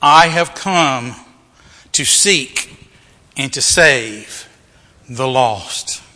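A male pastor quoting a calm, authoritative teacher in a measured, emphatic way during a sermon. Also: medium pitch, exaggerated voice. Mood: earnest. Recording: reverberant hall.

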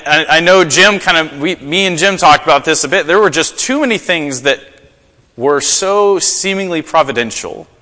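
A man preaching a sermon to a congregation, telling stories in an animated way. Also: big-room sound. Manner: animated storytelling, rising pitch in acted quotes. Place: church.

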